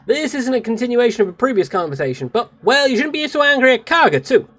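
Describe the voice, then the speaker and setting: A streamer voicing an earnest young woman naval officer from a game, high and eager. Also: very animated, fast talker, fairly bright tone. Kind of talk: reading game dialogue aloud on a livestream.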